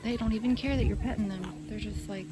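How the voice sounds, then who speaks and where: A young woman vlogging at an outdoor farm sanctuary, chatty and excitable, cooing at the animals. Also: on the high side, fast talker, background noise. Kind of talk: casual vlog narration.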